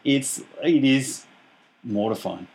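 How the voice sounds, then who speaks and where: A man's voice: mid-range voice, expressive, takes it slowly, darkish tone. A man hosting a podcast in casual chat, rambling and laughing often as he retells a show. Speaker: podcast host.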